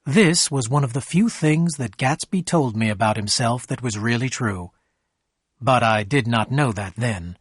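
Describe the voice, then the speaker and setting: Male narrator, clear and measured, slow learner-friendly storytelling, mid pitch, dry read. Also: dry recording.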